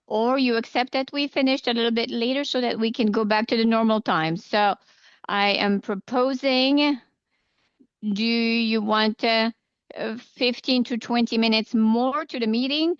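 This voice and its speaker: A woman interpreting a committee chair live into English, steady, with frequent filler pauses. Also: fairly high pitch, smooth, no echo. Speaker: simultaneous interpreter. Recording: dull lo-fi interpretation feed.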